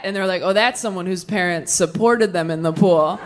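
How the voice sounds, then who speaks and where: A young woman performs a stand-up set into a handheld mic, dry and deadpan, jumping into little acted-out voices for the people in her stories. Her voice sits at an ordinary middle pitch. The live recording carries clear background noise. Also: fairly quick, hardly any pauses. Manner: deadpan storytelling with acted-out dialogue. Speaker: stand-up comedian. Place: comedy stage before a laughing audience.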